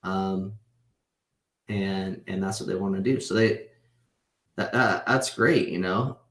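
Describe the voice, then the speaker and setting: Over a video call, a man in his thirties teaches a casual online class in a low, slow, slightly bright voice. He talks conversationally, tagging his points with "right?", and the recording has a roomy echo.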